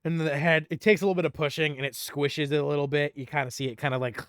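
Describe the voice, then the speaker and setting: A man running a tabletop game, narrating scenes in an animated way with quick bursts. His voice sits a little high, and the sound is dry and close. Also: clear, resonant tone, no room sound. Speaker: dungeon master.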